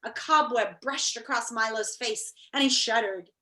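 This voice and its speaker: A woman reading a children's book aloud to kids, animated and teacherly, with chatty asides. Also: on the high side, a little slow, echoey room. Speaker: storybook reader.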